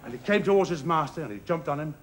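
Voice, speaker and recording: Male stand-up, halting and bumbling, lively high-leaning voice; hissy old theatre recording with loud audience laughs. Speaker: stand-up comedian. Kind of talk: stand-up comedy routine. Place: theatre stage before a live audience.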